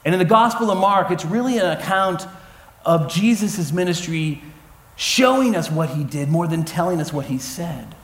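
A man in his forties preaching a sermon to a congregation, lively and humorous as he tells stories and calls out to the crowd. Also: fairly high pitch, moderate pace, roomy sound. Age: 40s. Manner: lively, addressing a crowd with cheers and callouts; storytelling with humor. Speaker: pastor. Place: church auditorium before a congregation.

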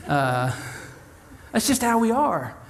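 A young adult man preaching a sermon in an animated, humorous way, acting out the voices of the people he quotes. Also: high voice, slow, gravelly, a little hiss or hum. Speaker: pastor.

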